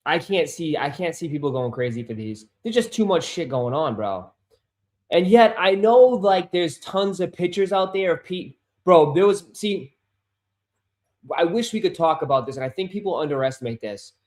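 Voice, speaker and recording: A man hosting a casual sneaker livestream who swears, gets easily frustrated and calls his viewers bro and dude, turning loud and insistent when he makes a point. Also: fairly high pitch, lively intonation, moderate pace. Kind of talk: casual live-stream chat. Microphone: desk microphone.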